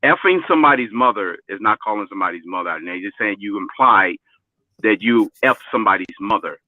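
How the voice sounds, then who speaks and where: Male caller, low voice, muffled lo-fi line, explanatory and lecturing. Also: expressive, fast, dry recording. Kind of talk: casual chat.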